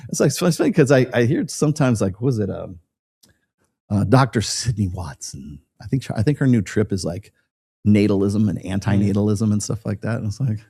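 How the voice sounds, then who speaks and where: A man's voice: fairly low pitch, expressive, moderate pace, mellow, breathy edge, no echo, clean studio sound. A man hosting a casual commentary show, rambling with many restarts and laughing as he reacts to a video clip.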